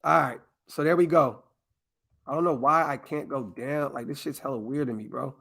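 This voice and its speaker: A man hosting a podcast live stream talks casually to his viewers as he does a mock draft, swearing and getting excited. He has a mid-range voice with vocal fry and speaks at a normal speed.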